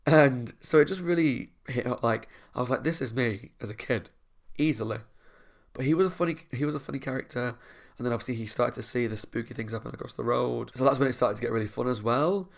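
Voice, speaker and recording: A man's voice: mid-range voice, fast talker, gravelly. A young man, chatting enthusiastically and a little ramblingly as he ranks episodes. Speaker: YouTube reviewer. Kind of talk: casual chat.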